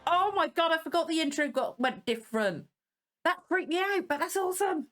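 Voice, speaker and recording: A woman hosting a reaction video, excitedly gushing with nostalgia in casual commentary. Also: very high voice, a little fast, soft background music.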